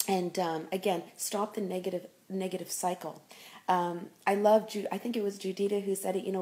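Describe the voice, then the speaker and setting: A woman's voice: medium pitch, flat delivery, fairly quick, darkish tone. A woman life coach giving an encouraging motivational talk, her speech full of ums and you-knows.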